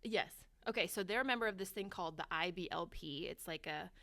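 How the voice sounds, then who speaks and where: A woman's voice: on the low side, quick pace, sharp tone, dry recording. Chatty woman podcast co-host, dry sound. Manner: chatty, laughs often, storytelling. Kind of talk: casual chat.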